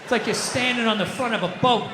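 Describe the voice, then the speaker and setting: A man's voice: very high voice, fast talker, very noisy. A man doing stand-up comedy on a large outdoor stage, ranting in an exasperated, profane way into a handheld mic. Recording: live outdoor show with reverb.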